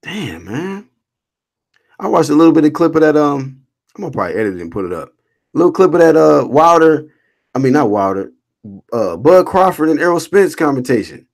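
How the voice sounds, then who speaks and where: A man's voice: on the high side, a little fast, gravelly. A man hosting a casual boxing livestream, reading chat comments aloud and answering them in a blunt, slangy, swearing rant. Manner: blunt, animated, reads chat comments aloud and rants back.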